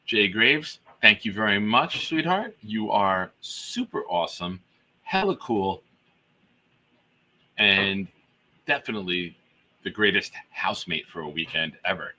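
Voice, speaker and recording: Husky, animated male live-stream host. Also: measured pace. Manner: exuberant hype-man shout-outs, big pitch jumps. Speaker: host of a live fan show. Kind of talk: live-stream chat, reading out gifted memberships.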